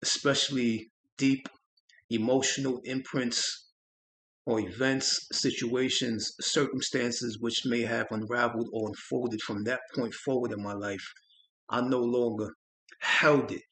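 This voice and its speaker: A spiritual-channel host reflects earnestly on a personal experience, stopping often and repeating himself. The room echoes noticeably, and his medium-pitched, fairly bright voice keeps a fairly even intonation.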